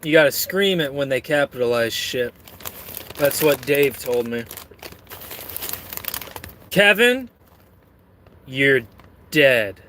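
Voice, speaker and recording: A man's voice: mid-range voice, moderate pace, a little hiss or hum. A man chatting casually on camera while eating and reading out chat, full of crude, rambling, self-mocking jokes. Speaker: streamer reading chat messages.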